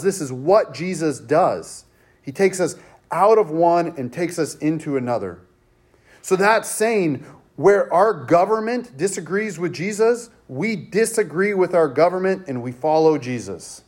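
A man's voice: a little high, a little mellow. A man as pastor preaching a sermon with an emphatic, repetitive cadence.

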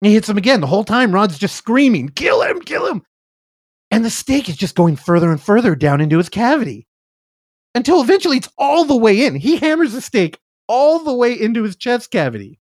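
A man's voice: high-pitched, brisk, dry recording, clean studio sound. A man co-hosting a podcast, retelling a film scene in casual chat, acting out the quotes and swearing freely. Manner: animated storyteller, acts out quotes, swears freely. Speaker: podcast co-host.

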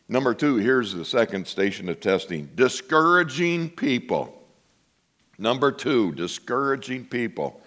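Animated storytelling male pastor. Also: mid-range voice, unhurried. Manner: animated storytelling, acts out voices. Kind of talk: sermon.

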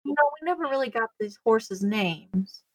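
Woman, tabletop player, casual and chatty, slightly high voice, dry. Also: animated, normal speed, no echo. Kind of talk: casual tabletop game play.

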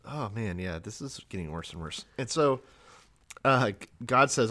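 A man's voice: medium pitch, animated, moderate pace, pushed and bright. A man co-hosting a comedy podcast, chatting casually and sarcastically, now and then acting out characters. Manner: sarcastic, acts out characters in big voices. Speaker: podcast co-host.

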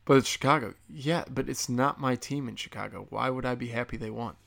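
A man's voice: mid-range voice, brisk, creaky, fairly bright tone. A man ranting casually and bluntly on his own show, profane, sarcastic and rambling from point to point. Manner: rambling with restarts. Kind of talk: casual solo rant.

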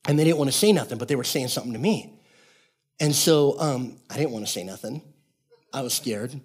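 A man's voice: medium pitch, expressive, fairly quick, slightly rough. A man in his fifties, a pastor preaching a sermon, talking in a casual storytelling way and calling out to the congregation. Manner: storytelling, conversational, calls out to the congregation; acts out characters in quoted voices.

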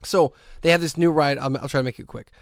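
A man hosting a podcast, telling a long story in a casual, animated way and often breaking into laughter. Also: on the high side, fast talker, no room sound, studio quality. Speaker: podcast host.

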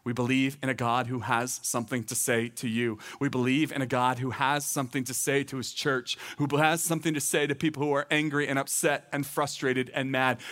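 A man's voice: medium pitch, fairly bright tone. A man, a teaching pastor, preaching a sermon in an earnest, conversational way, repeating phrases for emphasis.

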